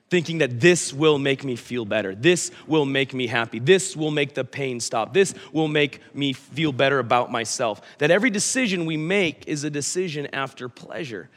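Man, pastor, lively storytelling sermon, slightly high voice, long church echo. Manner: storytelling, animated, acts out his son's lines. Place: church hall. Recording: church hall with long reverb.

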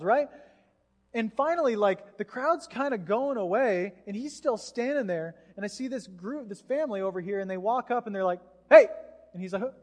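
High-voiced male pastor in a reverberant church. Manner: animated storytelling with acted-out quotes. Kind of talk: sermon. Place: church sanctuary. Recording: long hall reverb in a church.

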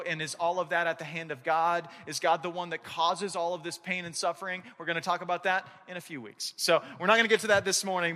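Man, pastor, conversational sermon, bright tense tone, reverberant hall. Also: high-pitched. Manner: animated, conversational preaching with repeated restarts.

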